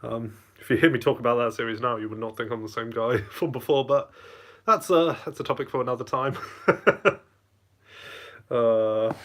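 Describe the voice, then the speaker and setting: Eating lunch as he talks, this male channel host has a mid-range voice with a slight brightness. He's hosting a laid-back live Q&A, reading out the chat and rambling in between mouthfuls.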